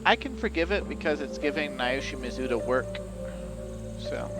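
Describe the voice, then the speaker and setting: A man hosting a let's play, chatting loosely and profanely as he plays, stringing thoughts together with plenty of "like" and "you know". His voice sits at a middling pitch for a man, and game music plays clearly behind him. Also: animated, moderate pace. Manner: rambling, profane, filler-heavy. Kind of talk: casual gameplay commentary.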